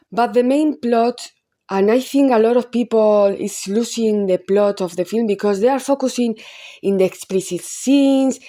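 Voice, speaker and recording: A woman with a Spanish accent talks through a film analysis at an unhurried, measured pace. She often stops mid-thought, restarts and restates her words as she works out her point. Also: mid-range voice, warm tone. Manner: halting, rephrases and repeats words as she goes. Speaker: film reviewer. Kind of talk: casual film analysis monologue.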